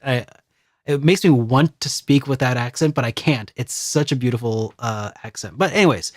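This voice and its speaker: A man's voice: medium pitch, moderate pace, dry recording, clean studio sound. A man co-hosting a casual video game podcast, talking in a rambling, hesitant way with many restarts. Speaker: podcast co-host.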